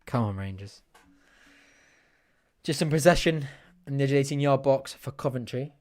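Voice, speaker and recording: A young man hosting a live fan watch-along, giving chatty, partisan play-by-play that bursts into excited shouting at chances. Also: medium pitch, normal speed.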